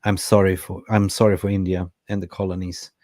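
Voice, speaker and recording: A man's voice: low-pitched, flat delivery, brisk, a little mellow, no room sound, clean studio sound. A man co-hosting a casual football fan show, reading viewer comments aloud and reacting to them. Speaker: co-host reading live chat.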